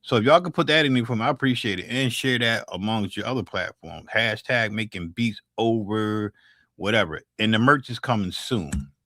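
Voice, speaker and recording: A North Philadelphia beatmaker in his sixties chats with his livestream viewers in a lowish, brisk, bright, forceful voice. His Philly street talk is loose, profane, and joking, full of restarts. The recording is dry and studio-quality.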